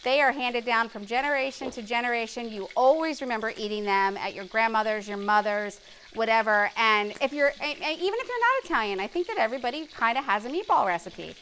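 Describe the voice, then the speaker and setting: Bright, chatty cooking show hostess. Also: female voice, fairly high pitch, lively intonation, quick pace, a little hiss or hum, low-quality recording. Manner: chatty, explains cooking tips, laughs easily. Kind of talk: live cooking show banter. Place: live studio kitchen with audience.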